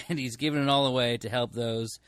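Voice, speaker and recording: Male record-store podcast co-host, mid-pitched, rambling casual delivery, dry sound. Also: steady tone, brisk, fairly bright tone, clean tone, no echo. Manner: rambling, self-correcting, many fillers. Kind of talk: casual chat.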